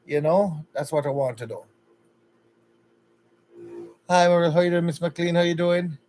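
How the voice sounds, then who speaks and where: A man's voice: fairly high pitch, fairly even intonation, unhurried, darkish tone, low-quality recording. A man with a Jamaican accent hosting a casual livestream, chatty and upbeat, greeting viewers one by one by name. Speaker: livestream host.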